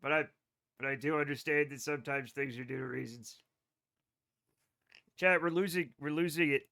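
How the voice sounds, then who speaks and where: A man's voice: a little high, moderate pace, vocal fry, pushed and bright. A man streaming a game live, chatting loosely with his chat, rambling between tasks and swearing freely. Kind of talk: casual live-stream chat while playing.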